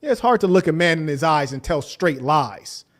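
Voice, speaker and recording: A man's voice: fairly high pitch, animated, moderate pace, a bit bright. A man streaming casual reaction commentary, joking and mocking as he talks over video clips.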